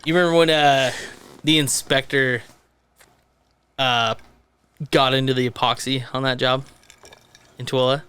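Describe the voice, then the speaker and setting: A man's voice: medium pitch, flat delivery, measured pace, long pauses, a bit bright, clear, resonant tone. A man chatting casually on a podcast, reminiscing about old work crews. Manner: reminiscing, laughs along. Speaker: podcast co-host. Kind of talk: casual chat.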